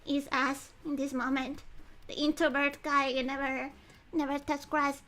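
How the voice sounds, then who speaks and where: A woman's voice: high voice, level tone, a little slow, pushed and bright. A woman streamer chatting casually and giggling while she reads a game aloud between bites of dinner. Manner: chatty and giggly, eating and talking with food breaks.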